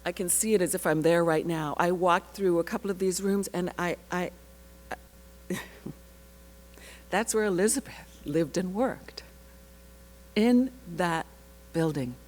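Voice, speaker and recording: An actress telling an animated personal story at a panel, laughing often and breaking off into asides. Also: female voice, fairly low pitch, a little slow, pauses often, poor audio. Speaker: actress sharing her research story.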